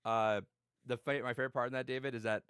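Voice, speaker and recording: A man's voice: mid-range voice, steady tone, quick pace, a bit bright, clean tone, no room sound, studio quality. A man hosting a casual podcast chat, rambling and swearing with lots of restarts.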